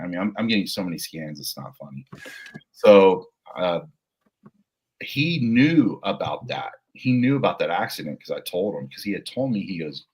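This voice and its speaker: A middle-aged man with a deep, husky voice tells stories as a podcast guest. He rambles from one anecdote to the next in a relaxed, joking way. His stories are told like a cop's war stories. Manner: rambling, jokey anecdotes with laughs. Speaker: podcast guest, police officer. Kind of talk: storytelling interview.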